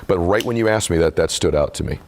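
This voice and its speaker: A middle-aged man with a very deep, low voice speaks candidly in an interview. He tells a personal story in an earnest, confessional way, leaning into the emotional moments. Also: quick pace, gravelly, a little mellow, a little hiss or hum. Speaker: podcast host and author being interviewed.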